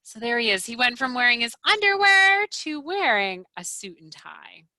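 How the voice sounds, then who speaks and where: A woman librarian reading a picture book aloud to children in an animated way, with gasps and questions. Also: fairly high pitch, moderate pace, no room sound. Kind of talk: children's storytime read-aloud.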